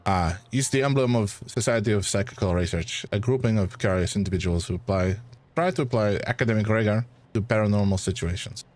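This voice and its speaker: A man's voice: lowish voice, darkish tone, natural voice. A man voicing a suave, courteous French male academic who exposes fraud, with a put-on French accent. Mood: measured. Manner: measured, courteous, slightly haughty.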